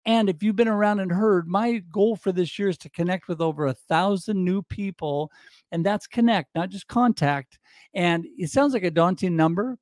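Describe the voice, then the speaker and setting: A man hosts a livestream with motivational enthusiasm. His voice sits high for a man. The sound is dry and close, with no room around it. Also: darkish tone, dry recording. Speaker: livestream show host. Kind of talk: upbeat promotional livestream talk.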